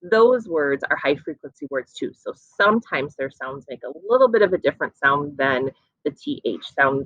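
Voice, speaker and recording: Woman, early-grades teacher, encouraging, sing-song pitch, muffled dead-room sound. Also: a bit bright, no echo. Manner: encouraging, slow sound-stretching. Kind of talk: phonics lesson for young children.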